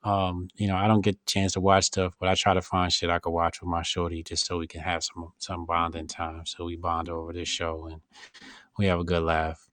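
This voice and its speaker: A man hosting a podcast in casual chat, speaking with blunt, animated, slangy banter. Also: low voice, a little fast, dry recording. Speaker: podcast host.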